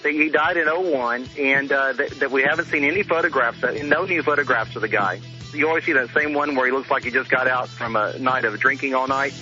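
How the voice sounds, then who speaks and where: A male caller speaks haltingly and keeps restarting his sentences. His voice is bright and mid-pitched. It comes over a dull line with faint music behind it. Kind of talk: phone-in call to a radio show.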